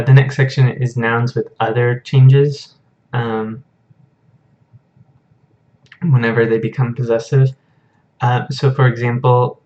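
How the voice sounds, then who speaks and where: A man's voice: medium pitch, a little mellow, lo-fi sound. A man teaching a Hebrew grammar lesson over a shared screen, explaining patiently in a casual way with frequent fillers.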